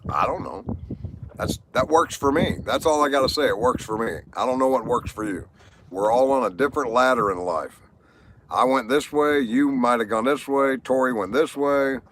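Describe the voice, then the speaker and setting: A man with a mid-pitched, everyday voice hosts a live stream. He rambles through personal stories and jokes, talks casually to the viewers, and laughs at his own punchlines. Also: normal speed, fairly bright tone, slight background noise. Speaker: livestream host. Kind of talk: casual joke-telling livestream.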